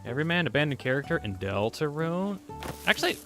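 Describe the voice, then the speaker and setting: A man's voice: medium pitch, expressive, normal speed, music in the background. A man streaming a video game, chatting casually and rambling as he reacts to his chat. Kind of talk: casual gameplay commentary.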